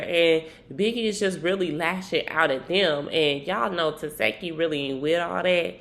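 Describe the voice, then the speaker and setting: A woman casually recapping a reality show in an animated, slangy, gossipy way. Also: lowish voice, moderate pace, few pauses. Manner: animated, slangy, slips into acted quotes.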